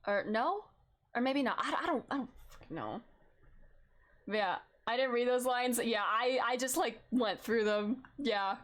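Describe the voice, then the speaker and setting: A woman streamer chats casually over her game, laughing and muttering to herself, slightly high with a lively, bouncing pitch. Game music plays clearly behind her. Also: unhurried. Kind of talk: casual let's-play commentary.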